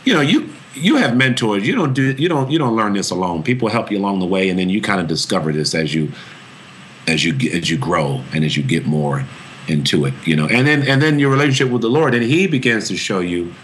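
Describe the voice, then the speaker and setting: A man's voice: lowish voice, expressive, brisk, a bit bright, slight background noise. A man, an actor, giving a thoughtful and earnest interview answer about his voice, often restarting his phrases as he searches for words.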